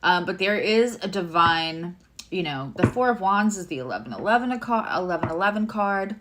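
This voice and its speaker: A woman's voice: on the low side, lively intonation, normal speed, background noise. A woman giving a casual live tarot and astrology reading, chatty and rambling with many fillers and asides.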